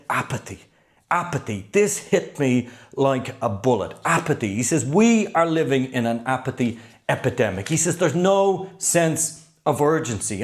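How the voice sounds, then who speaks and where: A man, middle-aged, speaks straight to camera as a study coach. His voice sits at a mid pitch, and he talks in an earnest, emphatic way. He stacks repeated phrases to drive his points home. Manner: earnest, emphatic, repeats key words for effect. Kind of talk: talking-head advice video.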